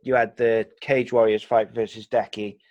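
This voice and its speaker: A man's voice: fairly low pitch, level tone, moderate pace, a little mellow, lo-fi sound. A man hosting a podcast, asking easygoing questions and nodding along in a casual chat. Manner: easygoing, prompting with short questions and agreement. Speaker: podcast host.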